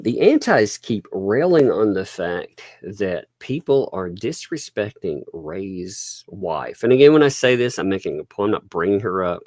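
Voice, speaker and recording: A man's voice: sits low, a little mellow, no echo, clean studio sound. A man hosting a casual livestream commentary, chatty and laughing often as he talks. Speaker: livestream host.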